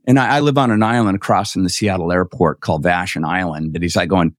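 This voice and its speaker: A middle-aged man telling a story as a podcast guest, acting out quoted dialogue with lively voices. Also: low voice, quick pace, few pauses, no room sound, studio quality.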